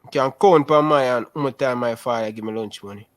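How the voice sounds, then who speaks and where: A young man with a Jamaican Patois accent, telling his life story in a casual interview over a video call, animated and repetitive. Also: medium pitch, fairly quick. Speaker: interview guest.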